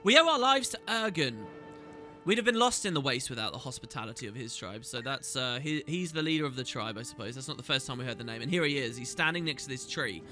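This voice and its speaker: A man's voice: mid-range voice, animated, fast, sharp tone. A man hosting a gaming video, chatting casually as he plays and reading quest dialogue aloud. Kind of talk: casual gameplay commentary. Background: faint game music.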